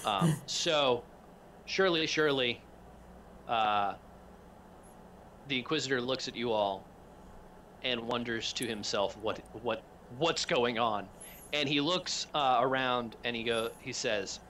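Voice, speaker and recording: A man's voice: medium pitch, slow, long pauses, bright, forceful tone, slight background noise. A man narrating a tabletop role-playing game as game master, rambling with many fillers.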